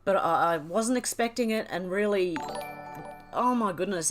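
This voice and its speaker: A woman's voice: mid-range voice, unhurried, faint music behind. Teary, overwhelmed woman reading chat. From Australia. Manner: emotional, teary and laughing, overwhelmed. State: tearful. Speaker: livestream host. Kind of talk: reading live chat aloud.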